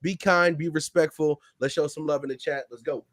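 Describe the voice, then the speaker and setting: A man's voice: a little high, steady tone, brisk, fairly bright tone, no room sound, studio quality. A man hosting a music review livestream, talking in casual slang and laughing often.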